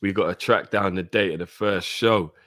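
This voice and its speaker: A man co-hosting a football fan call-in show, laid-back and slangy, giving shout-outs. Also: low-pitched, moderate pace, dry recording, clean studio sound. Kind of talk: casual chat.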